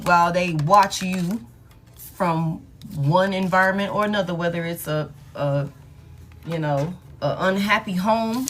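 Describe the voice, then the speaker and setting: A woman's voice: on the low side, slight background noise. Woman, 30s, tarot-stream host; blunt, profane, laughing, casual delivery. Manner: candid and profane, laughs often, talks straight to her viewers. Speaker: tarot reader hosting a live stream.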